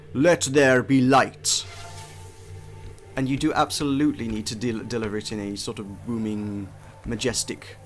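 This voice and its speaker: A young man giving casual, chatty first impressions of a game, self-deprecating and often restarting his sentences. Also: mid-range voice. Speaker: game reviewer. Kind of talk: casual gameplay commentary.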